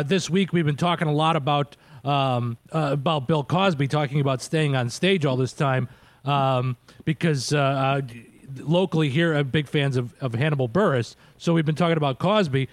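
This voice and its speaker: A man's voice: on the high side, moderate pace, no room sound. A man in his thirties hosting a casual radio interview, chatty, laughing easily and dropping lots of filler words. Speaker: radio host.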